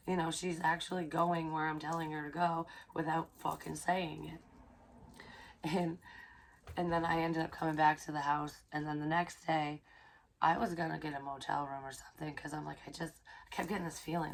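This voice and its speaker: A woman psychic medium casually telling a personal story, excitable and profane, dropping into hushed asides. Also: deep voice, moderate pace, creaky, a little hiss or hum.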